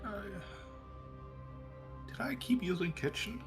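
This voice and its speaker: A man playing a video game with friends, speaking in a measured way with hesitant fillers as he explains things. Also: high voice, lively intonation, over music. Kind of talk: casual gaming chat.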